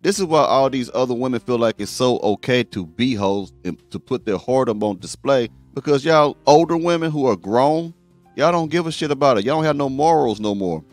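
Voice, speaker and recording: Male host doing reaction commentary, blunt and preachy, mid-pitched voice. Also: expressive, a little fast, faint music behind.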